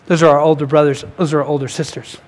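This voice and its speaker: A man's voice: a little high, fast talker. A male pastor giving a sermon, reading quotes aloud and asking his congregation questions, correcting himself as he goes. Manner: animated preaching, reads quotes aloud, corrects slips, asks the crowd questions.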